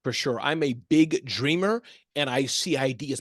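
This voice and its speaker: A man talking as a guest in a casual interview, animated and acting out little quotes as he tells stories. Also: medium pitch, unhurried, no echo, clean studio sound. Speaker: guest, small business speaker.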